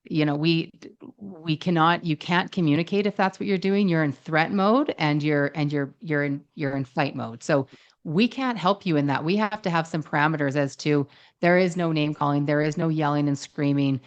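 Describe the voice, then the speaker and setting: A woman therapist co-hosting a relationship podcast, her voice sitting very low with a gravelly, fry-laced edge. She talks in an earnest, thoughtful way, full of affirming agreement. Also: lo-fi sound. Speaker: couple therapist, podcast co-host. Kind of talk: casual conversational podcast chat.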